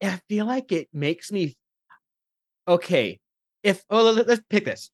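A man guest in a casual podcast chat, animated and jumping in and out of character voices. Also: high-pitched, a little slow, no echo, studio quality. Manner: animated, slips into character voices mid-sentence.

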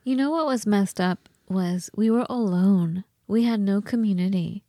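Mellow-voiced woman podcast co-host. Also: mid-range voice, moderate pace, dry recording, clean studio sound. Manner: chatty, frank, thinks aloud. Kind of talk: casual podcast chat.

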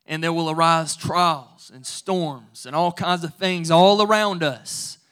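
A man preaching to his congregation in a high, bright voice. He talks in a loose, conversational way, then builds to firm, emphatic declarations. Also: smooth. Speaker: pastor. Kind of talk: sermon.

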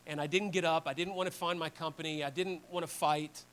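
Preacher putting on a frightened young soldier guy, quiet, halting, kinda high. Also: steady tone, slight background noise, natural voice. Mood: ashamed.

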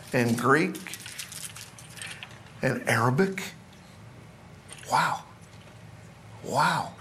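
A man's voice: a little high, a little hiss or hum. A man teaching a Bible class to a group in a classroom, chatty and self-deprecating.

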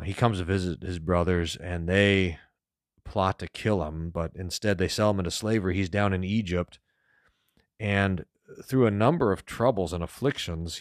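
A man's voice: sits low, dry recording, studio quality. A man, a pastor, teaching on the Bible in a storytelling way and reading verses aloud with rising emphasis.

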